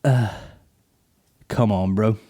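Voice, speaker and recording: A man's voice: on the low side, fairly even intonation, slow pace, dark tone. A man hosting a comedy podcast, rambling crudely with heavy swearing. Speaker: podcast host. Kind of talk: casual comedy podcast banter.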